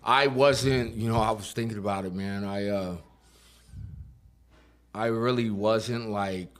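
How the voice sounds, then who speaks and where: A man telling his recovery story as a podcast guest, talking casually in rough street slang with plenty of swearing. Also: on the low side, steady tone, slow. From Inland Empire, California. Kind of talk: casual conversation.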